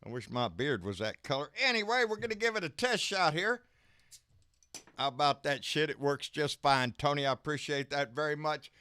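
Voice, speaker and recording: A man chats and rants on his home live stream in a folksy, profane way. His voice sits high and sounds bright and forward. The recording is dry and close to the mic. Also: expressive, normal speed, clean tone, no room sound. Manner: folksy, profane, says "baby" a lot. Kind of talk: casual live-stream chat and rant.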